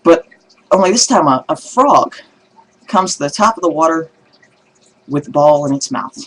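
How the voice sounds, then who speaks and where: A man telling religious jokes in a casual video blog, animated and laughing at his own punchlines. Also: on the high side, breathy edge, rough recording.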